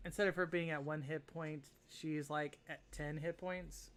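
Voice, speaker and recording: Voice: medium pitch, fairly even intonation, moderate pace. A game master narrating a tabletop game in a hesitant way, leaning on fillers while setting scenes. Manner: hesitant, full of fillers like "kind of".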